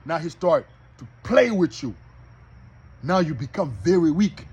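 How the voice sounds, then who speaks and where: A man's voice: on the high side, lively intonation, measured pace, a little mellow, breathy edge. A man preaching to an audience, emphatic and repetitive, addressing his listeners directly.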